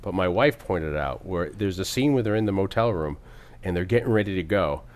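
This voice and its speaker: A man's voice: low-pitched, animated, fairly quick, a little mellow. A man casually talking about a film as podcast co-host, rambling with frequent laughs and swearing. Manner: rambling, profane, laughs often.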